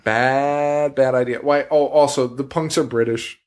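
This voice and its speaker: A man's voice: mid-range voice, fairly even intonation, unhurried. Laughing, foul-mouthed man recapping a movie. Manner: profane, laughs often, acts out lines from the movie. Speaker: podcast co-host. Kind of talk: casual chat recapping a horror movie.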